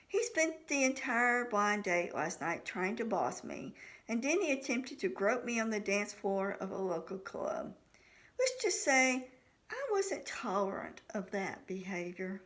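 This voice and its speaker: A woman's voice: medium pitch, a bit bright. A woman reading her own novel aloud in the first person, voicing the dialogue of each character. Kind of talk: audiobook narration.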